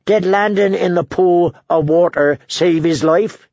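An eager young recruit with a raised, somewhat gravelly voice, asking questions earnestly, as a male narrator puts him on. It comes across as a dry, slightly dull audiobook recording. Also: sits high, measured pace, darkish tone, pitched above the performer's own voice.

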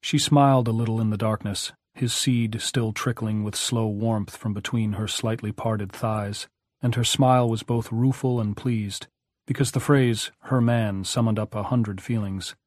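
Low, measured male audiobook narrator. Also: steady tone, no echo, clean studio sound.

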